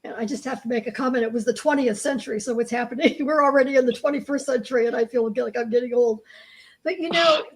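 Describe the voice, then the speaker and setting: Woman, somewhat high pitch, enthusiastic rambling panel speaker. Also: fast, breathy edge, rough recording. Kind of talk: panel talk.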